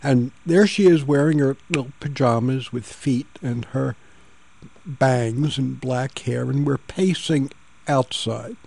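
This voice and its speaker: An older man hosting a radio talk show, telling a personal story in a gentle, reflective way and introducing his guests. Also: medium pitch, slow pace, gravelly, slightly rough.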